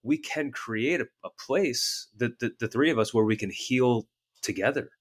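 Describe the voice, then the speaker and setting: A man's voice: medium pitch, breathy edge. A man who works as a therapist, chatting casually with frequent restarts and repeated words. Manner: halting, many restarts and fillers. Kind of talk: casual conversation.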